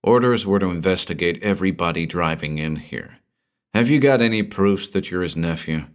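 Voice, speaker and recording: A man reading a story aloud, voicing a tough hired bodyguard who talks bluntly in a gruff, raspy way. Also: sits low, animated, moderate pace.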